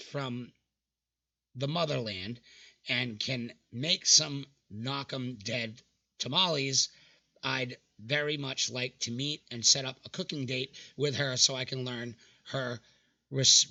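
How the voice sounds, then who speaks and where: The voice is a young man's, medium in pitch, creaky and sharp. Hosting casual reaction commentary, he goes through dating app screenshots, mocking the messages with exasperation and swearing freely.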